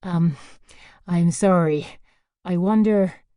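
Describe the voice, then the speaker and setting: A woman's voice: lowish voice, slow pace, warm tone, no room sound. Woman narrator doing an American stranger, courteous and awkward, dry close sound. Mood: polite. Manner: hesitant, polite, apologetic. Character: tall courteous hesitant American man.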